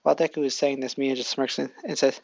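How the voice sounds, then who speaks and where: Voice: mid-range voice, fairly even intonation, fast, vocal fry, no room sound, dull audio. A fan storyteller narrating casually, often stumbling and correcting themself.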